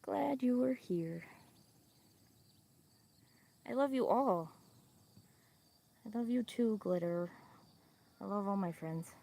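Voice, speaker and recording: Woman, Midwestern accent, gravelly voice, casual farm livestream, crickets outside. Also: medium pitch, slow, long pauses, mellow. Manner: chatty, laughs often, talks to chat and animals. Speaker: livestream host. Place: outdoors on a farm.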